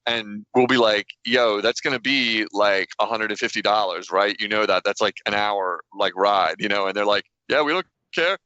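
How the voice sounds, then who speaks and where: A man co-hosting a podcast in casual chat, telling animated stories and acting out quotes. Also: lowish voice, moderate pace, hardly any pauses, no room sound. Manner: animated storyteller, acts out quotes, laughs often. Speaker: podcast co-host. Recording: dull lo-fi dry podcast audio.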